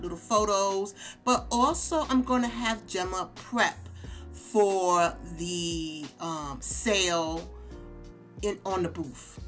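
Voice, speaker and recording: A woman hosting a casual game let's play, chatting to viewers and reacting out loud to the game. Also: medium pitch.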